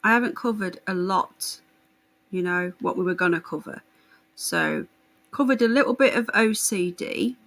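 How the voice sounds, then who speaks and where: A woman's voice: lowish voice, normal speed, gravelly, fairly bright tone, low-quality recording. A woman hosting a live stream, chatting casually with viewers in a blunt, sarcastic and sweary way. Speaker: livestream host.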